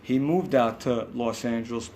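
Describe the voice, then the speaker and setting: A man's voice: mid-range voice, moderate pace, a little mellow, a little hiss or hum. A man with a New York accent tells rambling backstage stories in a casual interview, acting out quotes and swearing now and then. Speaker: musician guest. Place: hotel room.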